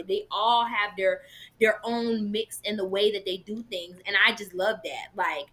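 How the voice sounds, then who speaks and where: A woman co-hosting a casual vegan talk show, telling stories in an animated way and slipping into playful voices now and then. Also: medium pitch. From Jamaican heritage. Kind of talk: casual chat.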